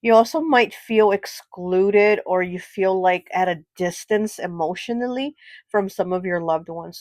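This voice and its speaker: A woman giving a pick-a-card tarot reading, sounding nasal and congested from a cold, with a gentle, reassuring manner full of fillers and check-ins. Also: mid-range voice, dry recording. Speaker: tarot reader.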